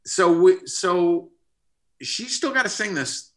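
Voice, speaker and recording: A middle-aged man, a record producer, telling an animated story in a casual interview. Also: sits high, slow pace. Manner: animated, expressive, pushes to sudden bursts. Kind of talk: storytelling anecdote in casual conversation.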